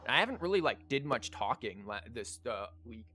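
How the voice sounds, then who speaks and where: Over game music, a streamer and teacher rambles through casual card game commentary full of fillers, his throat sore and his voice fading. He speaks briskly in a mid-range, sing-song voice with a sharp tone, and there's a little hiss or hum.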